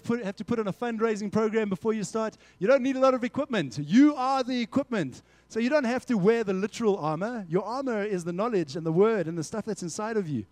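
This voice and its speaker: A young male preacher with a fairly high voice gives an energetic, conversational sermon, addressing the room directly as "guys." The sound is dry and close. He now and then breaks into short acted-out exchanges to make his point. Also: no echo. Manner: energetic, conversational, acts out little dialogues. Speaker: youth pastor.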